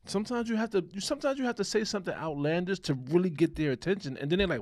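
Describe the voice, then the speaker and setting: A man co-hosting a casual podcast chat, animated and acting out quotes in raised voices. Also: high voice, very fast, hardly any pauses, no echo. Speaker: podcast co-host.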